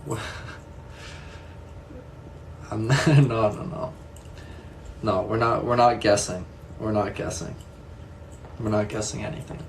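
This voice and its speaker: A man's voice: lowish voice, a little slow, creaky, long pauses, slight background noise. A young man chatting casually with viewers, answering their comments one by one, echoing his own answers and laughing often. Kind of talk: casual live chat.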